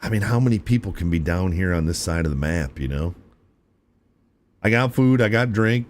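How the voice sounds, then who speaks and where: A man's voice: low-pitched, expressive, moderate pace. A young man streaming a game live, chatting casually and laid-back with his viewers, often calling them "chat" and saying "dude".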